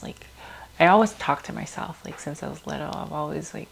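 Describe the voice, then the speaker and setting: A woman with a low, deep voice shares her own story in a loose, conversational way, often pausing on filler words. Her tone has a gravelly, fried edge. Faint noise sits behind her. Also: fairly even intonation. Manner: casual, rambling, lots of filler words. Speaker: host. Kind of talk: personal storytelling.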